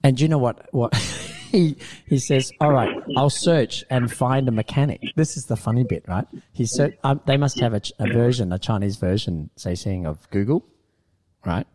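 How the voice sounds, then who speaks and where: A man telling an animated story in casual studio chat, laughing often. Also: mid-range voice, normal speed.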